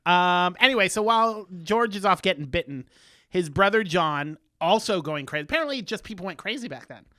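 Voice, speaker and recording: A man's voice: sits high, expressive, brisk, pushed and bright, no room sound, studio quality. A man co-hosting a casual chat podcast, recapping a show in a chatty, playful way. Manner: chatty, recaps plots with playful quoted voices. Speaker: podcast co-host.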